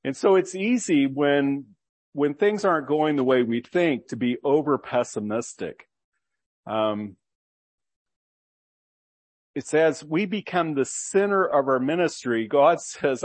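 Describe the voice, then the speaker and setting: A man's voice: a little high, takes it slowly, pauses often, no room sound. A man preaching a sermon, reading scripture aloud and explaining it with earnest rhetorical questions.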